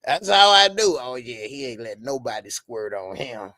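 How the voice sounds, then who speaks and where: A man's voice: mid-range voice, very animated, moderate pace, sharp tone, no room sound, studio quality. A middle-aged man hosting a casual show, riffing in loose slang and reading out viewer comments. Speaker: host.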